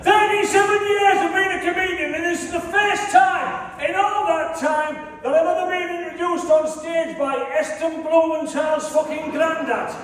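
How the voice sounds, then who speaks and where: High-voiced Teesside comedian in a hall. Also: male voice, steady tone, normal speed, few pauses, background noise. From England. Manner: profane, rowdy, teasing the crowd. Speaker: stand-up comedian. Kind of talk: stand-up comedy routine. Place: large hall on stage. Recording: echoey hall from far off.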